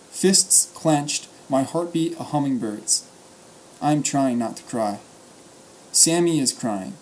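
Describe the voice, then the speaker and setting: A man hosting and reading short stories aloud, calm and measured with pauses. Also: on the high side, a little hiss or hum, rough recording. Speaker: host and reader.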